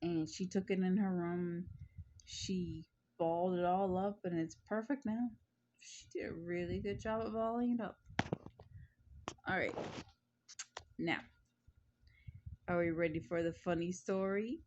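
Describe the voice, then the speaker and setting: A woman's voice: on the low side, a little slow, long pauses, a little mellow, lo-fi sound. A woman vlogger telling a funny story in casual chat at home, chatty and prone to giggling.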